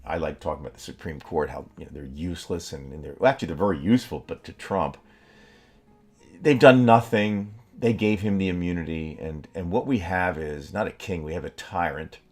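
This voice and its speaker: Podcast co-host, male, low-voiced, heated and stumbling, swears freely. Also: a little mellow. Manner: heated, halting with many restarts, swearing. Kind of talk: angry political talk.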